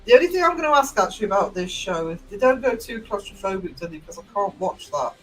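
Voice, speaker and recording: A man's voice: high-pitched, sing-song, fast talker, fairly bright tone, faint music behind, poor audio. A middle-aged man hosting a casual livestream, rambling chattily through stories and replies to his chat. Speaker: livestream host.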